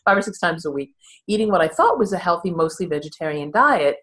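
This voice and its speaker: Guest, woman, 60s, low voice, candid and self-deprecating storyteller. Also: lively intonation, fast talker, a bit bright. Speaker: therapist and podcast guest. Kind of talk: conversational interview storytelling.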